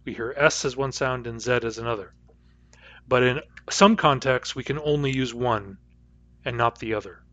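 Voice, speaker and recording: A man's voice: medium pitch, normal speed, fairly bright tone, no echo. Man, West Coast North American accent, patient lecturer, sounds out examples, dry muffled audio. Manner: patient, demonstrates sounds aloud. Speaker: linguistics lecturer. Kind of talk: recorded lecture. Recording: dull dry lecture recording.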